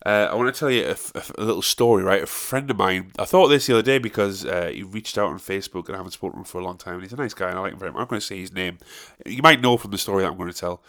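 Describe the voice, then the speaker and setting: Racing through a casual rant, a young man from northern England swears freely and keeps restarting what he's saying, his Northern English accent clear throughout. His voice is low and somewhat bright.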